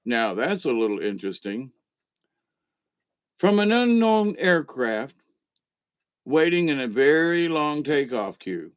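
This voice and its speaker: A man's voice: mid-range voice, big pitch swings, slow pace, pauses often, clean tone, no echo. A man reading jokes aloud in a casual way, chuckling and adding wry asides between them. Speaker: comedy reader.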